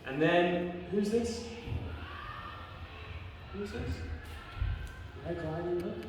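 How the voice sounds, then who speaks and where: A woman teacher telling a children's story slowly, stopping often to quiz the child. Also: lowish voice, a little hiss or hum. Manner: slow, lively, quizzing the child often. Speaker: English teacher. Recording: echoey room from far off.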